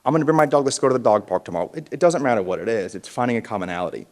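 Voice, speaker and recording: A man's voice: mid-range voice, expressive, racing, darkish tone. A man giving a punchy motivational speech at a conference, stirring up the audience to call back to him. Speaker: keynote speaker at a realtors conference. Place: large conference hall, indoors. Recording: reverberant conference hall.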